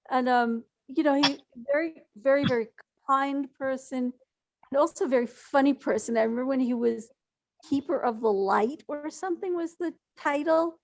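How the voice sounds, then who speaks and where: Woman with a high voice at a memorial, emotional, keeps restarting sentences. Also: moderate pace, a little mellow. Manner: emotional, restarting sentences, laughing through tears. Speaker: family friend. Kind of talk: memorial remarks.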